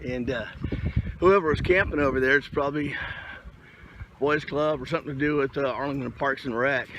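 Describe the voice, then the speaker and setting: A middle-aged man from Colorado rambles in a relaxed, folksy way as he walks his dog through an outdoor park, and his speech is full of fillers. It sounds like a handheld phone recording with clear outdoor noise and passing traffic behind his voice. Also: medium pitch, brisk. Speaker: vlogger leading a rucking group. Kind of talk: casual walking vlog. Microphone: handheld phone camera.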